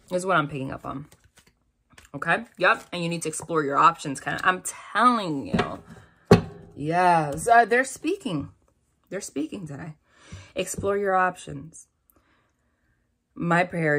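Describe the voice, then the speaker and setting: A woman's voice: fairly low pitch, expressive, moderate pace, creaky, fairly bright tone, breathy edge. A woman giving a tarot and angel-message reading, talking in a chatty, reassuring way with many fillers. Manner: chatty, reassuring, lots of "like" and "right?". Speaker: tarot reader. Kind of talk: spiritual reading to camera.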